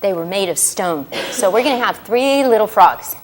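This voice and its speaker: A woman's voice: mid-range voice, a little hiss or hum. A woman reading a picture book aloud to young children as storyteller, asking them questions as she goes. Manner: animated, asks children questions often; drawn-out sing-song rhyming delivery.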